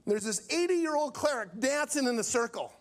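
A male preacher telling a story from the pulpit in an animated way, acting out each character's lines. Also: very high voice, moderate pace. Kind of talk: storytelling sermon.

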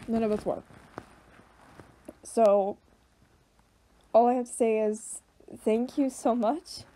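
A young woman giving emotional reaction commentary, choked up and halting, with many fillers and restarts. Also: on the high side, steady tone, warm tone, low-quality recording. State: choked up, voice tearful. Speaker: video reactor.

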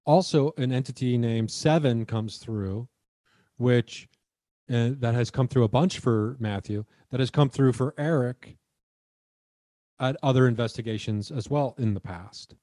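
A man hosting a podcast, talking things through in a relaxed, thoughtful way and laughing easily. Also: mid-range voice, a little slow, dry recording. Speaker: podcast host. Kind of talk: casual conversational chat.

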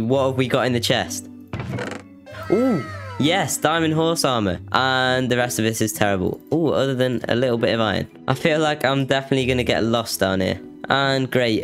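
A man giving casual let's-play commentary on his game, chatty and quick to exclaim in alarm. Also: medium pitch. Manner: chatty, exclaims and panics when mobs attack. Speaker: gaming YouTuber.

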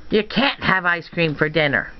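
A woman's voice: on the low side, lively intonation, moderate pace. A woman filming children at home, playfully scolding and teasing them in a sing-song voice. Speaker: family member filming children at play. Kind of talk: playful home video chat. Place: room in a family home. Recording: muffled home video with background noise.

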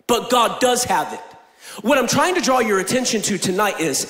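A young man preaching in a large church, joking with the crowd and then proclaiming loudly, swinging between booming declarations and quiet asides. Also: lively intonation, normal speed. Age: young adult. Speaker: pastor. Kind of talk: energetic sermon with jokes. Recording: echoey church hall.

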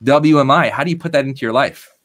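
A man's voice: mid-range voice, fast talker, a bit bright. A man, a rabbi, hosting an interview and asking long, conversational questions.

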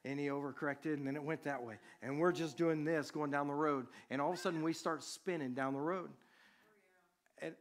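A man preaching, a pastor telling a personal story to his congregation in a conversational, animated way. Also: a little high, a little fast.

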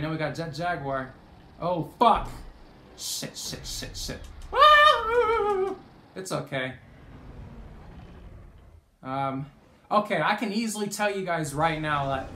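Casual gaming commentator, mid-pitched, excitable and foul-mouthed, echoey room recording. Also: a little hiss or hum. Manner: excitable, swears often, shouts at big moments.

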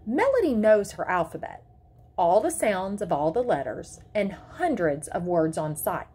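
A woman voicing a protective mother who speaks in a firm, controlled, sharp way while reading a story aloud. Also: mid-range voice, very animated, a little slow, husky. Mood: tense. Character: fierce protective mother of a disabled girl.

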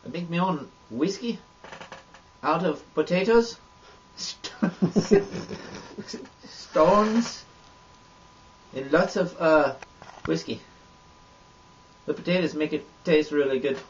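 A man's voice: on the high side, takes it slowly, long pauses. A man putting on a rambling Irishman with a crude, boastful swagger. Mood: deadpan rambling. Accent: put-on Irish. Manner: rambling absurd deadpan monologue. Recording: dull lo-fi audio with faint noise.

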